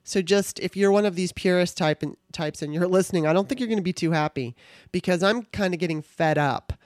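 A woman's voice: fairly low pitch, fairly quick, a little mellow, dry recording, studio quality. Chatty irreverent woman podcast host. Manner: chatty, irreverent, swears casually. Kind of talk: casual monologue.

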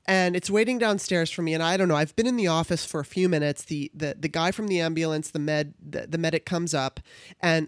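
A woman's voice: lowish voice, no echo, clean studio sound. A woman from Southern California telling a personal story in casual chat. She acts out the voices of the people in it and laughs as she goes.

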